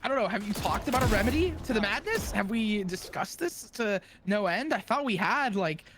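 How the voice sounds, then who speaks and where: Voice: medium pitch, animated, fairly quick, background noise. A live esports play-by-play caster, rambling and jokey, often stumbling and restarting mid-sentence.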